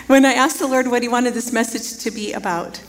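A woman's voice: fairly high pitch, normal speed. A woman preaching a sermon, telling a personal story in a chatty way, laughing often and acting out quoted dialogue. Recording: reverberant hall.

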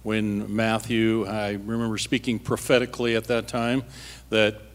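A man's voice: lowish voice, little pitch movement, normal speed. A man leading the church as pastor, closing a prayer and calling the next speaker to the platform.

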